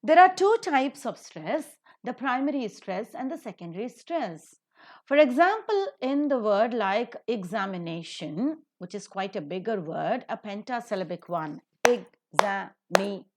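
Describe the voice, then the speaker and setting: A woman, teaching word stress in a careful recorded lecture, saying example words with loud stress. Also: on the high side, big pitch swings, normal speed. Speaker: English teacher.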